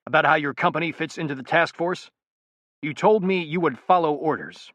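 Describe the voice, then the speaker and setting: Man playing a hard-driving commander, audiobook thriller, raised and pushy, bright and tense, dry booth sound. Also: a little high, brisk, dry recording, pitched above the performer's own voice, lightly acted. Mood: firm. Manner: commanding, clipped orders. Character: gruff male task force commander, urgent and firm.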